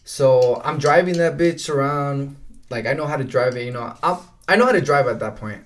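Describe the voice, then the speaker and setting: A young adult man with a medium-pitched voice talks at a normal speed as a podcast co-host, telling laid-back stories in a casual chat. He swears often, keeps saying "bro" and laughs as he goes.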